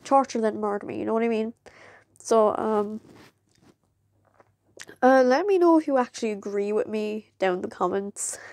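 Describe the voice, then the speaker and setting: Speaking at a medium pitch and moderate pace with long pauses, this young woman vlogs in a casual chat to camera over a dry recording. Her talk wanders, is packed with "like," and breaks into excited impressions of what people said.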